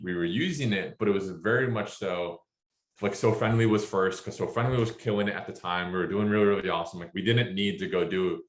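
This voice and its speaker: A man who co-founded a startup, talking casually and with animation, full of quick asides and slang. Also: low voice, reverberant. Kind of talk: casual talk, answering questions.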